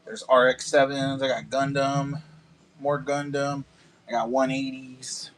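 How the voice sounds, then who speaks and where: A man's voice: medium pitch, little pitch movement, measured pace, fairly bright tone, slight background noise. Laid-back chatty man selling model kits. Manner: laid-back, chatty, swears casually, calls viewers dude and bro. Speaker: live-stream seller of model kits. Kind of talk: casual live-stream selling chat. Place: car shop garage.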